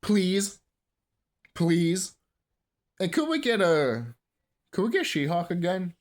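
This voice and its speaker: A man's voice: high-pitched, very animated, slow pace. A man in his thirties ranting casually as a movie commentary vlogger, profane and rambling, breaking into bursts of laughter. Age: 30s. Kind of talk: casual rant.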